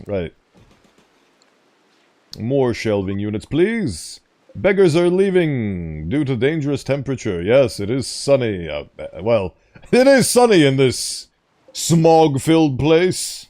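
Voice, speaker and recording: Mellow-voiced man rambling over gameplay. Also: lowish voice, big pitch swings, takes it slowly. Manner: rambling, easily sidetracked, reads on-screen text aloud. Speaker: gaming streamer. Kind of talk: casual gameplay commentary.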